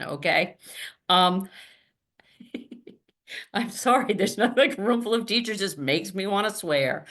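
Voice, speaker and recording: A woman hosting a group video call, chatty and lively, laughing often and swearing freely. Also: fairly low pitch. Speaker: podcast host running a video-call salon. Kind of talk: casual chat.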